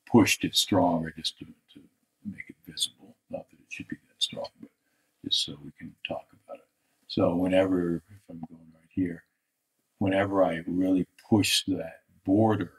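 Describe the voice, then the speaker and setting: A male art instructor giving a live drawing critique, thoughtful and halting, often trailing off into soft mutters. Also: sits low, rough recording.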